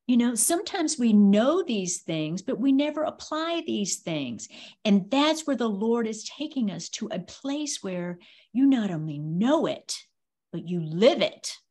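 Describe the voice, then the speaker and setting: A woman hosting a casual preaching stream, talking in a loose, conversational way and filling her pauses with little phrases. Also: on the high side, sing-song, a little mellow. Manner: conversational, drawn-out, leans on filler phrases. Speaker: ministry host.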